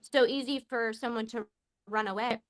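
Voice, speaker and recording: A woman's voice: fairly high pitch, steady tone. A woman in her forties hosting a podcast, talking with raw emotion, swearing often and restarting her sentences. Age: 40s. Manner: impassioned, swearing, halting restarts. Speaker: podcast host. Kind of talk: emotional casual chat.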